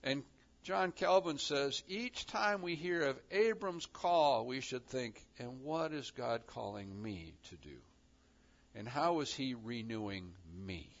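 A man preaching a sermon, acting out the voices of God and his listeners with lively emphasis. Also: mid-range voice, slow pace, dull audio.

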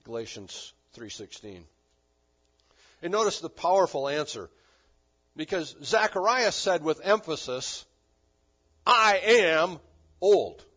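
A man preaching a sermon, animated and emphatic, with touches of dry humor. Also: on the high side, a little slow, long pauses, husky. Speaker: pastor. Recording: dull lo-fi recording.

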